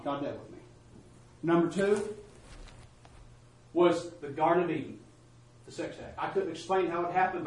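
A man's voice: fairly high pitch, distant mic. Man preaching in an echoey church. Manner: calls out to the congregation, swings between loud and hushed. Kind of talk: testimony sermon.

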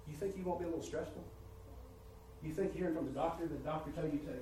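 Guy preaching, kinda high voice, big echoey room, mic far off. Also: fast talker, dark tone, slight background noise. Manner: preaching with swelling rises in volume and pitch, repeats words. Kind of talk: sermon. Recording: roomy church sound from a distant mic.

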